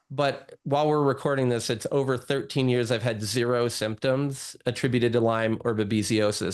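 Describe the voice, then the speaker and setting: Male guest doctor, casual rambling storyteller, average pitch. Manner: chatty, lots of "like" and "you know".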